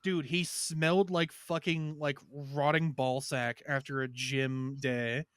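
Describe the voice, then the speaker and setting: A man's voice: mid-range voice, fairly even intonation, slow pace, clean tone, dry recording, studio quality. A man co-hosting a podcast, telling a crude story in rambling casual chat. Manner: rambling storyteller, loud shouted impressions. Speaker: podcast co-host.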